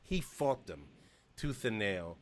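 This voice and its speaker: A man's voice: lively intonation, takes it slowly, slight background noise. A man hosting a casual movie discussion over a video call, enthusiastic, laughing and mimicking characters. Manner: enthusiastic, laughs often, mimics characters with big jumps in pitch. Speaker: podcast host.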